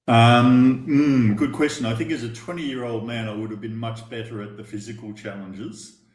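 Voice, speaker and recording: A man's voice: medium pitch, fairly even intonation, normal speed, roomy sound. A man answering as a podcast guest, thoughtful in a casual interview.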